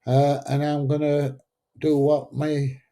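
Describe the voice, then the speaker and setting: Delivering everything completely flat at a slow pace, a man with a slightly high, dark-toned voice hosts a casual livestream. He's in his seventies with a Sheffield accent, from Sheffield, England, reading out viewer comments in a rambling, chatty, blunt manner with mild swearing.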